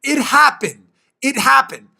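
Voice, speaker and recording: A male host of a political talk show, talking emphatically with quick asides and repeating his points for stress. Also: very high-pitched, vocal fry, pushed and bright.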